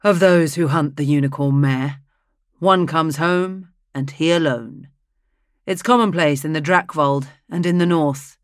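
A narrator voicing a grave, wry old northern man who speaks in a solemn, measured way. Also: medium pitch, no echo, clean studio sound, natural voice.

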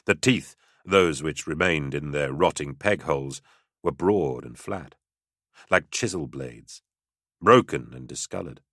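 Male audiobook narrator, very deep voice, forceful, dry close sound, steady dramatic reading. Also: unhurried, dry recording.

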